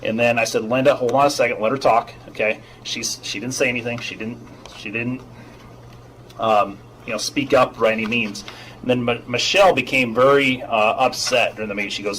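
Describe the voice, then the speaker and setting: A middle-aged man, an HR manager, giving formal testimony at a hearing in a measured, explanatory way, often repeating himself. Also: medium pitch, fairly even intonation, fairly bright tone, a little hiss or hum, poor audio.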